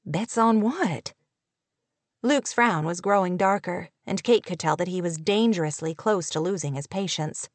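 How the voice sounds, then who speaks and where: A woman reading a romance novel aloud in an even, measured storytelling voice. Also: lowish voice, no echo. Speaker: audiobook narrator. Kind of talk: scripted narration.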